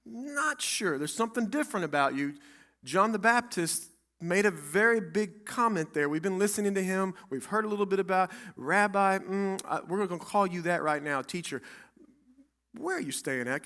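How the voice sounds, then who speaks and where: A male pastor preaching in a church, with a bright, forceful voice that sits a little high for a man. He is emphatic and dramatic, and he drives his points home through repetition. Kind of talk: sermon. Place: church sanctuary.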